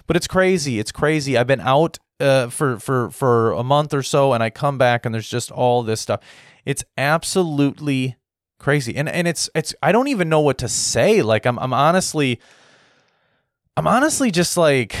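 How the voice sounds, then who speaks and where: A man's voice: fairly high pitch, no room sound. Man, from the US, podcast host, casual rant, repetitive, dry close mic. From United States. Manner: repetitive, keeps asking "right?"; restless, frequent restarts.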